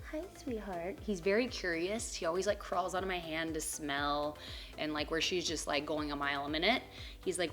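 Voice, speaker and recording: A woman's voice: on the low side, fairly bright tone. A young woman vlogging about her pets at home, talking casually and slipping into baby talk with them. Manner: chatty, coos and baby-talks to her pets. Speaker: pet vlogger. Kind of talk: casual chat. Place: home, on the couch.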